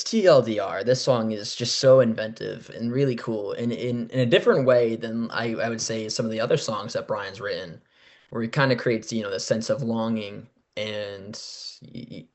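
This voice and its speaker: A young man in casual conversation on a podcast, animated and loose. He talks with plenty of fillers and drops the odd swear word. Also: fairly low pitch, normal speed. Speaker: podcast co-host. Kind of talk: casual chat.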